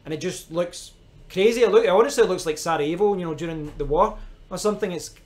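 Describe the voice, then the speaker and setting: Scottish male streamer, loose rambling chat, voice sits a touch high. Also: quick pace, a little mellow. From Scotland. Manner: rambling, chatty, frequent restarts and fillers. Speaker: live stream host. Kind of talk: casual chat.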